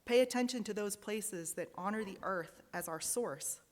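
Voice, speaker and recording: The large fellowship hall gives a big-room sound as a woman, acting as lay worship leader, reads out joys and sorrows for the congregation. She speaks at normal speed in a medium-pitched voice, earnest and heartfelt and at times emotional.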